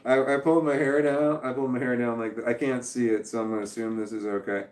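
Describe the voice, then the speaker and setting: A man's voice: medium pitch, flat delivery, fast talker, a little mellow, a little hiss or hum. Rambling man with a roomy echo. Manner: rambling, reads viewer comments aloud and chuckles. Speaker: livestream host. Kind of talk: casual livestream chat.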